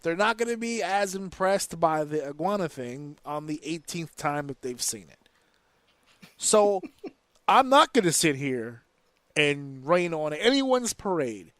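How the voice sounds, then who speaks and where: A man's voice: on the high side, very animated, a little slow, fairly bright tone, no room sound. Profane, opinionated man ranting about wrestling. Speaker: podcast co-host. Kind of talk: casual wrestling podcast chat.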